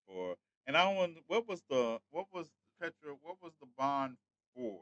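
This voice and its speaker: A man's voice: medium pitch, expressive, normal speed, fairly bright tone, no room sound, highs cut off. A man hosting a casual livestream, chatting straight to his viewers. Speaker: livestream host.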